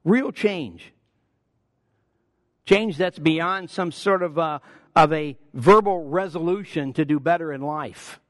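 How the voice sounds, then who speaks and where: A man in his sixties preaching a sermon as a pastor, conversational with personal asides, leaping up in pitch and volume to stress key words. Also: takes it slowly, no echo, clean studio sound.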